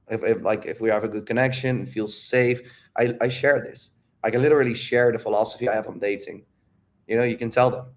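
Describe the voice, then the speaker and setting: A man talking candidly about dating and his emotions, rambling and calling the listener "dude". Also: fairly low pitch. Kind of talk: casual talk.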